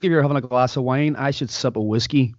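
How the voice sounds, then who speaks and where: A man's voice: medium pitch, fast talker. Joking Derry man chatting on a podcast. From Derry, Northern Ireland. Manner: joking, rambling banter. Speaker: podcast host. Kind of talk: casual chat. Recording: dry, slightly dull sound.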